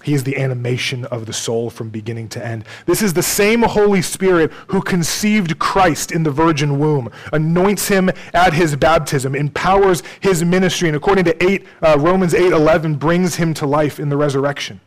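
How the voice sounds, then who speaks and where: With a fairly high pitch and a moderate pace, this preacher barely pauses as he talks to his congregation in a conversational sermon. He checks in with them often and pokes fun at himself dryly, all on a low-quality recording.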